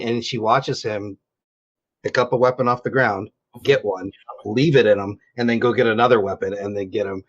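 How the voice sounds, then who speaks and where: A man with a somewhat husky voice at a middle pitch, heard through a slightly dull, muffled recording. He chats casually about an anime on a podcast, halting often and restarting his sentences. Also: steady tone. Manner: halting, fills with ums and restarts. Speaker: podcast co-host.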